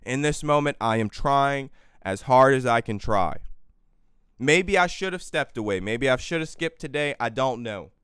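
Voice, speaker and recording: This livestream podcast host has a mid-range, animated voice with a fairly bright, clean tone and a moderate pace, captured in clean studio sound without echo. He rants heatedly about politics, swearing and hammering home repeated phrases as he yells into the mic.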